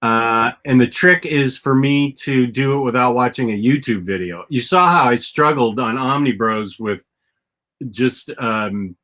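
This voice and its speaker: A man's voice: medium pitch, unhurried, fairly bright tone. A man hosting a casual chat show, rambling with lots of restarts and fillers. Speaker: podcast host.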